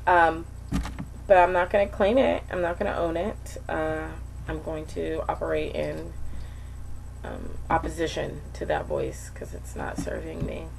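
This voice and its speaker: A woman's voice: low-pitched, expressive, measured pace, vocal fry, background noise. A woman recording a candid personal video diary, talking frankly and emotionally, rambling with many fillers. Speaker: vlogger.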